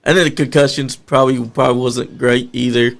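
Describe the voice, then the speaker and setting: A laid-back man hosts a casual podcast, his voice gravelly and mid-pitched. He chimes in with quips and follow-up questions. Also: fairly even intonation, fairly quick. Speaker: podcast host.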